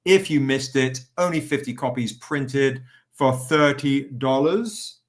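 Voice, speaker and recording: Speaking slowly in a medium-pitched voice, a man runs a relaxed live stream to sell comic editions. Despite seeming worn out and on the mend, he stays upbeat and chatty, welcoming viewers by name.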